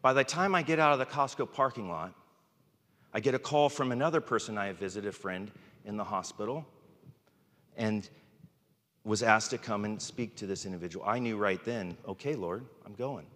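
A man's voice: lowish voice, normal speed, a bit bright, big-room sound. A man preaching a sermon, earnest and emotional, close to tears. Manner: earnest, emotional, tearful at times. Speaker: pastor.

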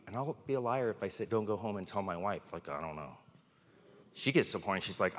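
A man's voice: on the low side, brisk, long reverb tail. A male pastor preaching a candid, informal sermon from the pulpit, speaking frankly and poking fun at himself. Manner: candid, informal, self-deprecating. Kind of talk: conversational sermon. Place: church sanctuary.

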